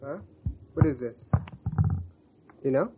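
A woman's voice: a bass voice, slow pace, highs cut off, heavy background noise. A woman patiently quizzing a toddler with questions during a home recording. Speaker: family member teaching a toddler.

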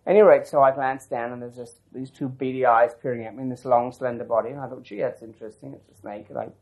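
A fast talker with a medium-pitched voice and steady tone, this man is heard in phone-quality sound. As an interviewee he tells a long personal story for an oral history, reflective and rambling, with frequent restarts and asides.

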